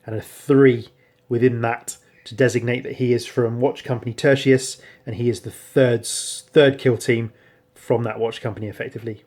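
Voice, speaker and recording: A man's voice: mid-range voice, a little mellow. A man casually showing off his painted miniatures, rambling with frequent ums and self-corrections. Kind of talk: casual show-and-tell narration.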